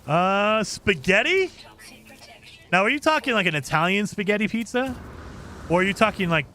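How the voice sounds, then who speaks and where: Streamer guy, casual and chatty with his chat, fairly high voice, faint hum underneath. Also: animated, moderate pace, sharp tone. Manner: chatty, reacts to viewer comments, frequent fillers. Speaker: gaming streamer.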